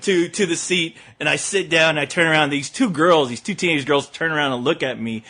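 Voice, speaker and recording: A man's voice: a little high, fairly quick, bright, forceful tone. A man who reviews movies, telling a story in casual podcast chat and laughing often as he talks.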